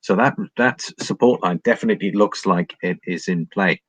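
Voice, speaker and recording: Streaming from his home in Ireland, this English-born man talks through market charts in a relaxed way, peppering his thoughts with ums and addressing his viewers. He speaks at a moderate pace in a low, slightly rough voice, captured on a dry, low-quality recording.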